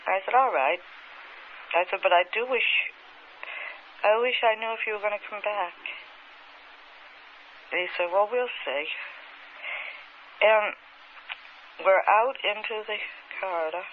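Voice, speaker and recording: A woman speaking under hypnosis, slowly reliving a memory in the present tense. Her speech is halting and dreamy, full of stops and restarts. The recording is a narrow, tinny old tape with a faint hiss underneath. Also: medium pitch. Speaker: hypnosis subject.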